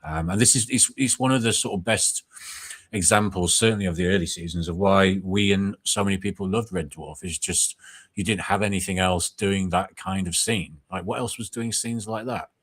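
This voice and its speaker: A man co-hosting a casual podcast chat, talking in a relaxed, rambling way with lots of "like" and "you know". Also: sits low, moderate pace. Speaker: podcast co-host.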